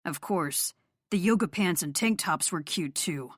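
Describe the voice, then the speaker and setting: Cocky young rock star man, read by a woman, low and playful, dry studio sound. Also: lively intonation, a little slow, dry recording. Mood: teasing.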